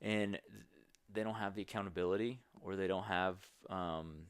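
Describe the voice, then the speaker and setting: Deep-voiced young man, earnest and rambling. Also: steady tone, normal speed, clean tone, dry recording. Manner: earnest, rambling, many restarts. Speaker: podcast guest, strength coach. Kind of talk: candid conversational interview.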